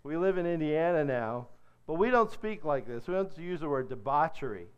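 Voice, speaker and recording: A middle-aged man from Kentucky teaches a church workshop on addiction, chatting with the room and putting questions to his listeners. His voice sits a little high for a man and sounds smooth and resonant. The recording is dull and lo-fi. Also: expressive, moderate pace. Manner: conversational, asks the audience questions.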